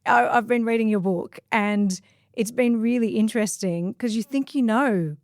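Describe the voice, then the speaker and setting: A woman's voice: on the high side, normal speed, a little mellow, no echo, studio quality. A woman in her forties hosting a podcast, asking questions in an upbeat, enthusiastic way. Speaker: podcast host. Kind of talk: podcast interview.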